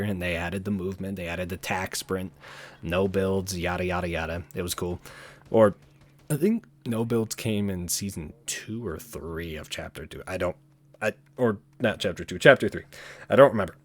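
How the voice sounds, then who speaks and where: A man hosting his own channel, talking alone in a rambling, casual way, often correcting himself and trailing off quietly. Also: sits low, moderate pace. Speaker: channel host. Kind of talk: casual solo chat.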